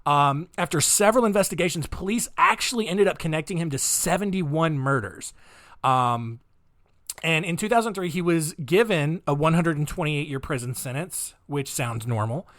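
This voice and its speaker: A man with a slightly higher voice tells a true-crime story on his podcast, loose and jokey. He keeps breaking into incredulous asides. The sound is dry and close. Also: animated, normal speed, a bit bright, no room sound. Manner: incredulous, wry, jokey asides, frequent "um" and "all right?". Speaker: podcast host.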